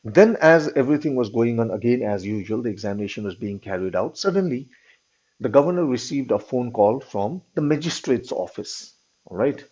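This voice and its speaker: A husky male teacher walks his class through a story, retelling it plainly in his own words and checking in with "all right?". His voice sits at an ordinary pitch. The recording is dull and lo-fi. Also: a little mellow.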